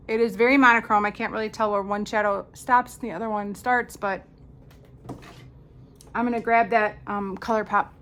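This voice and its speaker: This get-ready-with-me chat features a makeup vlogger in her fifties whose mid-range voice is a bit bright. She wanders through stories, adding dry, sarcastic asides, over a slight hiss or hum.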